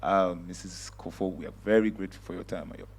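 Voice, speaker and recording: A man moderating a panel who thanks the guests in a slow, halting way. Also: low voice, slight background noise.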